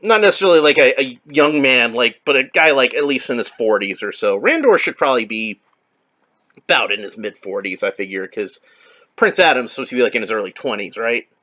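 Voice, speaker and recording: A man's voice: mid-range voice, lively intonation, fairly quick, pushed and bright. A man toy collector giving casual, rambling unboxing commentary with a wry touch and many fillers.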